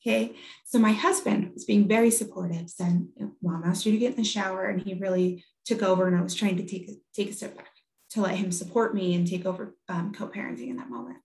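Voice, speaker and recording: A woman's voice: medium pitch, steady tone, fast, a little mellow, reverberant. A woman in her thirties giving a talk on parenting, telling a personal story in a candid, conversational way with frequent fillers and restarts.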